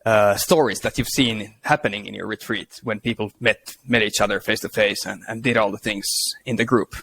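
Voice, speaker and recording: Halting man asking interview questions. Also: fairly low pitch, fairly even intonation, creaky, fairly bright tone, slight background noise. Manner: halting, many restarts and fillers. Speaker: podcast host.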